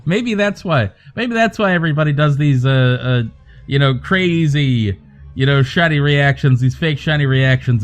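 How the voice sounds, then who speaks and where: A man hosting a livestream, chatting casually to viewers in a calm, soothing voice and rambling from joke to joke. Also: on the high side, normal speed, soft background music. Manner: rambling, joking, talks to chat by name. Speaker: livestream host.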